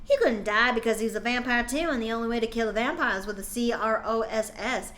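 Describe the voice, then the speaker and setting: A woman's voice: fairly high pitch, a little fast, a bit bright, slight background noise. A woman streamer reading cringe fan fiction aloud on a live stream, breaking off with exasperated, sarcastic asides.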